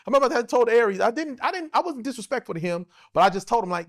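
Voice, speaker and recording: Speaking very fast in a very high voice, an American man in his forties is an interview guest telling a rowdy, profanity-laced story. Animated throughout, he acts out what other people said in a casual storytelling style.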